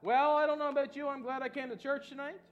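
A male pastor preaching an energetic sermon in a church, calling out to the congregation and breaking into loud whoops. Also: very high-pitched, quick pace, lo-fi sound, very noisy. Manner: shouts of woo, call and response.

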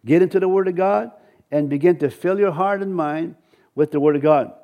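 A pastor with an Ojibwe accent preaching a sermon and reading scripture, halting often with restarts and fillers. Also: male voice, on the high side, lo-fi sound.

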